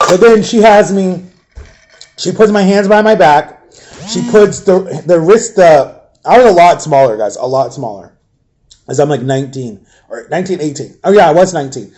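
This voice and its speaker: A man telling a rambling, animated personal story in a casual vlog. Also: a little high, moderate pace. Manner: rambling, animated, acts out quoted voices.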